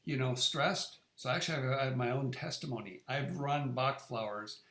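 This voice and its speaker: A man's voice: medium pitch, normal speed, fairly bright tone. A middle-aged man talking casually about his own experience, often repeating words and restarting sentences. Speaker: presenter sharing his experience. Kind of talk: casual conversational talk. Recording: echoey room.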